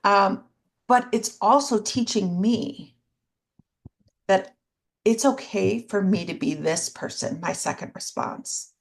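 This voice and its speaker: A woman's voice: mid-range voice, slow pace, vocal fry. A woman co-hosting a podcast, speaking candidly about herself with self-deprecating humor and dry sarcasm in casual conversation. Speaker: podcast co-host. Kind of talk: casual chat.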